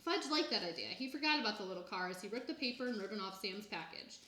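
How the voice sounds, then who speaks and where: Mulher lendo livro infantil em sala com eco. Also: female voice, mid-range voice, fast. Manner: even, plain storytelling. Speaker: reader. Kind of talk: reading a children's book aloud. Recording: echoey room.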